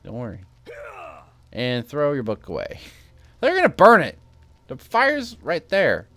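A man's voice: a little high, wildly swooping pitch, unhurried, fairly bright tone, no echo. A man hosting a gaming channel, chatting casually with sarcastic, rambling asides while playing. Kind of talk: casual let's-play commentary.

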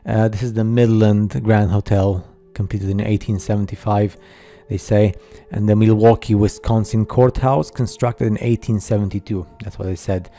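A man narrating a slideshow in a casual, halting way, full of fillers and skeptical asides. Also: on the low side, steady tone, warm tone, soft background music. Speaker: video narrator.

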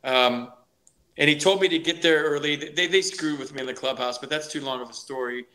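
A middle-aged man, a former ballplayer, telling his career story in an animated, energetic way during a podcast interview, often restarting his sentences. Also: on the high side, fairly quick. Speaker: guest, former ballplayer and broadcaster.

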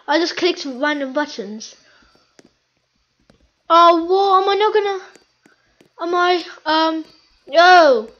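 In what sounds like a laid-back gameplay video, a woman with a very high voice talks slowly and excitedly while she plays. She's chatty and keeps looping the same lines over and over. The sound is dull and lo-fi, as if from a cheap mic.

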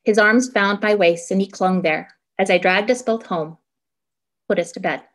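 A woman's voice: medium pitch, normal speed. A woman in her thirties reading her own prose poetry aloud at a community reading, with an intense, vivid delivery.

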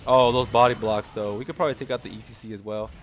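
A young man commentating his own gameplay, excitable and casual, yelling at teammates and swearing, then calmly explaining strategy. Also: lowish voice, quick pace.

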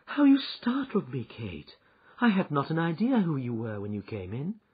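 A woman's voice: very deep voice, very animated, normal speed, husky, exaggerated voice. A man voicing a kindly, motherly doctor's wife who speaks in a soothing, coaxing way, in a dull lo-fi recording. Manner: warm and coaxing.

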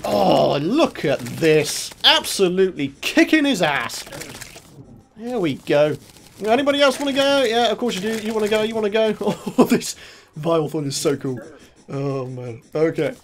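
A young man commentating his own gameplay, excitable, laughing often and shouting when in trouble. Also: high voice, normal speed, vocal fry, a little hiss or hum. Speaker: gaming channel host. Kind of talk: let's play commentary.

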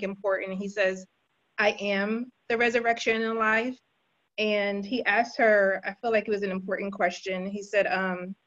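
A woman's voice: medium pitch, fairly bright tone. Woman retelling a story all chatty, fixes herself a lot, kinda muffled recording. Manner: chatty, with fillers and self-corrections. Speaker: church member retelling a Bible story. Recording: dull lo-fi recording.

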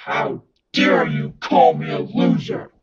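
A man voicing a furious evil-mode computer error entity with a harsh, gravelly, toneless voice and a scolding, threatening manner. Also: on the high side, big pitch swings, takes it slowly, dull audio, over loud music. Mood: menacing scolding. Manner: scolding, threatening, shouting bursts.

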